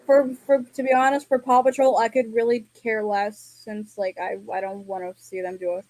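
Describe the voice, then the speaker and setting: A woman chatting casually in a monotone voice, stumbling through many restarts. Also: on the high side, slight background noise. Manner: halting, stuttering restarts. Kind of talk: casual chat.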